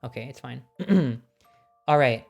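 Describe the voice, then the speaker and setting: A woman streaming casually, ranking films with excited, swear-filled chat and frequent laughter. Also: very deep voice, takes it slowly, gravelly, soft background music.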